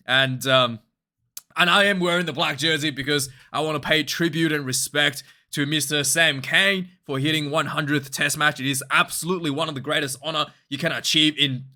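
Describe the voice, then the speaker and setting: A man hosting a casual rugby match review vlog, talking in an animated, rambling way with frequent laughs. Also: a little high.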